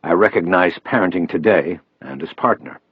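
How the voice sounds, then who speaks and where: A man narrating a crime audiobook in the first person, with expressive, steady storytelling. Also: deep voice, normal speed, husky, dry recording, dull audio.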